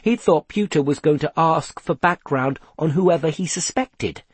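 A man reading a children's fantasy story aloud in a measured storytelling delivery. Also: a little high, breathy edge, dry recording. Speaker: audiobook narrator. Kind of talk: scripted narration.

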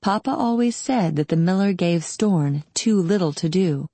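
A woman narrating an audiobook in a calm, steady storytelling manner. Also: fairly low pitch, measured pace, hardly any pauses, slightly rough, dry recording. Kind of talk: scripted narration.

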